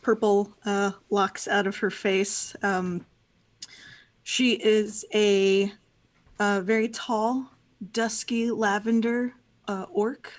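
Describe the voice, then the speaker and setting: A woman playing a tabletop role-playing game, describing her character hesitantly with many pauses and ums. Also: mid-range voice, little pitch movement. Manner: hesitant, full of uh and um. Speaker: player.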